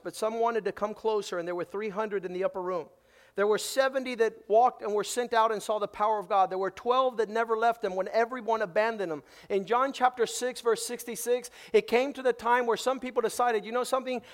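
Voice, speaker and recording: A male pastor preaching a sermon, emphatic, swinging between loud declarations and hushed, low passages.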